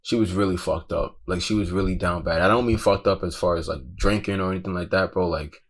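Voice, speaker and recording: Male guest, lowish voice, casual profane storyteller, intense. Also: fairly even intonation, brisk. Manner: profane, slangy, keeps saying "bro"; intense, breathless retelling. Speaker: guest recounting a festival crowd crush.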